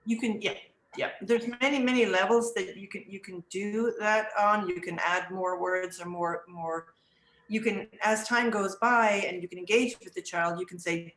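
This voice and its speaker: A middle-aged woman in an interview, reflecting on teaching children in a thoughtful way, often restarting her sentences and acting out gentle phrases she would say to a child. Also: medium pitch, steady tone, normal speed. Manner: acts out gentle words to children. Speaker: early childhood education director. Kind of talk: interview answers. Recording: roomy echo.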